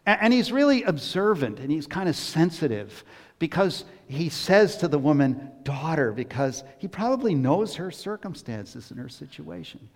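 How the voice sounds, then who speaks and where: A male pastor giving a conversational sermon that swings between hushed asides and emphatic bursts. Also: fairly high pitch, very animated, moderate pace, in a large hall.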